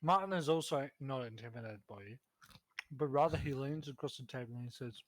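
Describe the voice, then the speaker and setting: A man's voice: mid-range voice, a little fast, no echo. Casual male game master, dry sound. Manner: casual, loose, swears and hesitates. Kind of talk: narrating a tabletop game.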